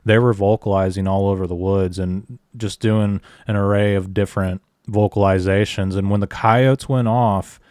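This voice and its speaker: A man hosting an interview podcast, telling his own field stories in a steady, even way. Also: on the low side, moderate pace, few pauses, smooth, dry recording, clean studio sound. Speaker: podcast host. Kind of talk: casual interview chat.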